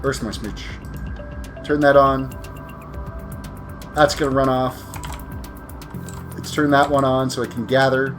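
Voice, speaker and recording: Tired guy livestreaming a game, mid-pitch voice, rambles and corrects himself, some faint music behind. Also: fairly even intonation, measured pace, long pauses. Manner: rambling, self-correcting, talks while playing. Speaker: live streamer. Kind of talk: casual gameplay commentary.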